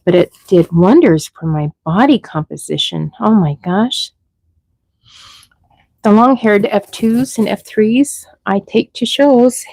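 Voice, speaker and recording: A woman's voice: medium pitch, takes it slowly, gravelly, a little mellow, no echo, rough recording. A middle-aged woman breeding rabbits, chatting casually on a livestream and talking sweetly to the baby bunnies.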